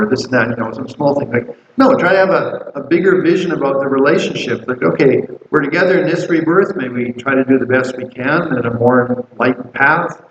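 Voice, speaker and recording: A man's voice: fairly high pitch, a little fast, few pauses. Man teaching a buddhism class, rambling storyteller, roomy sound, dull faint-hiss recording. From Canada. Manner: rambling, storytelling, many restarts and fillers. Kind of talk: casual dharma class teaching.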